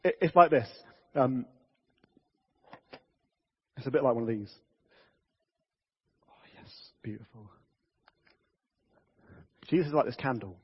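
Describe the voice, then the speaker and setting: A man preaching a casual, lively sermon to a church congregation, talking conversationally with frequent restarts. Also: medium pitch, slow, long pauses, husky. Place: church hall. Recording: dull reverberant church audio.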